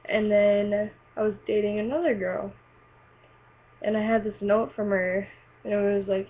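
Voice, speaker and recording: This teen vlogger has a husky, medium-pitched voice and a flat, unhurried delivery with frequent pauses. She tells a personal story casually and ramblingly, packed with fillers and "likes," over tinny, hissy lo-fi webcam audio.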